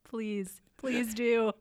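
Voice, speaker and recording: A woman's voice: fairly high pitch, very noisy. A woman co-hosting a podcast, chatting casually about a TV episode in a wry, teasing way and laughing often. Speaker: podcast co-host. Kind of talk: casual chat recapping a TV episode.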